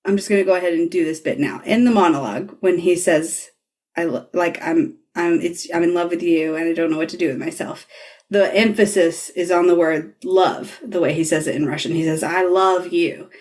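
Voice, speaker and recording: Woman, podcast host, casual recap, slightly low voice, laughs and swears freely. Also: brisk. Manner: animated retelling with frequent laughs and swearing.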